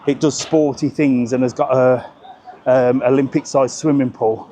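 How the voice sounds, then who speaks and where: Warm and mid-range, with fairly even intonation and a moderate pace, this is a man from Birmingham, England vlogging live as he walks a hillside street outside. He's out of breath and chatty, peppering his talk with informal slang.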